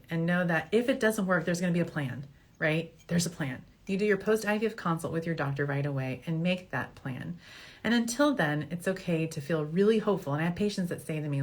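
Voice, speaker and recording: A woman's voice: lowish voice, lively intonation, brisk. A middle-aged woman fertility doctor answering viewer questions in a casual, joking way, laughing at her own slips. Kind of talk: casual Q&A show.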